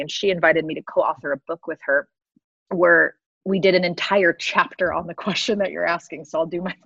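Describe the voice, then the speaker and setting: A woman's voice: lowish voice, fairly bright tone, breathy edge, dry recording. A woman in her thirties, a guest sharing an earnest personal testimony with frequent laughs. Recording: slightly dull lo-fi recording.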